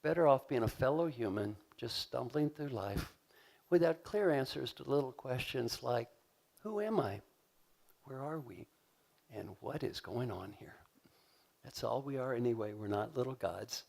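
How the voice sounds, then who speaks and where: A man giving a live leadership seminar in a large conference hall, energetic and joking as he leads the audience in call-and-response. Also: mid-range voice, unhurried, creaky. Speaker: leadership coach and keynote speaker. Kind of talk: live motivational seminar talk.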